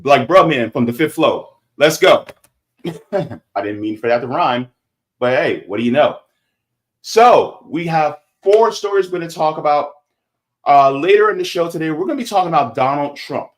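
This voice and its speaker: A man's voice: on the high side, lively intonation, measured pace, pauses often. Chatty man hosting a livestream. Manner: reads viewer comments aloud, chatty, gets loud when heated. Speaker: livestream host. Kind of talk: casual livestream chat.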